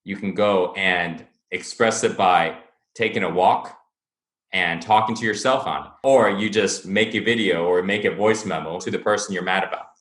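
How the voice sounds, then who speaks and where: A man with a deep, low voice speaks as a wellness coach in a roomy, echoing space. He talks earnestly, circling back over his points and briefly acting out angry remarks to make them vivid. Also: moderate pace, a bit bright. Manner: earnest, repetitive, acts out angry quotes. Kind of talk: motivational talk to camera.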